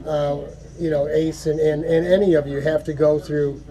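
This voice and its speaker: A man giving an earnest, folksy prayer talk to camera, halting and repeating words as he goes. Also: fairly high pitch, little pitch movement, mellow. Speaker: go-kart hobby vlogger.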